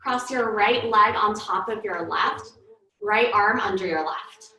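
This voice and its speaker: A woman teaching a live online yoga class, cueing breaths and poses in a calm, paced way while out of breath. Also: medium pitch, a little slow. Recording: echoey room from far off.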